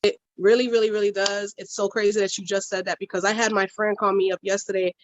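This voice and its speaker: A woman's voice: mid-range voice, little pitch movement, fast talker, lo-fi sound, a little hiss or hum. A woman co-hosting a casual chat, telling stories bluntly with slang and swearing. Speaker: podcast co-host.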